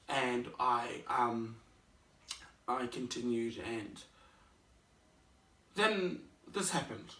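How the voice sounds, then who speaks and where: A young man vlogging, telling a personal story in an animated way, acting out scenes and other people's voices. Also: mid-range voice, slow, pauses often. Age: young adult. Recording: roomy, mic at a distance.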